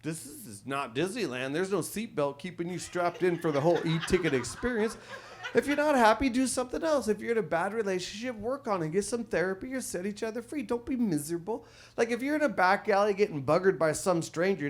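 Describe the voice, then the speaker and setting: A man performing a crude stand-up comedy set on a club stage, telling ornery stories with sudden loud outbursts. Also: sits high, animated, brisk, slight background noise.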